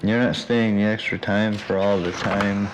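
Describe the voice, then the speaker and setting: A man's voice: on the low side, steady tone, normal speed, noisy background, lightly acted. A man reading an audiobook, voicing a stern, straightforward workplace manager.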